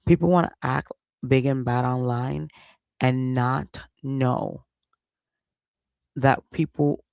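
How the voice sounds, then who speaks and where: A man ranting on his livestream with a gravelly, crackly voice. He talks slowly and heatedly, with plenty of profanity. The sound is dry and close to the mic. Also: medium pitch, fairly even intonation, a little mellow, no room sound. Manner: heated, profane, repeats himself. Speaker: livestream host. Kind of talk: casual livestream rant.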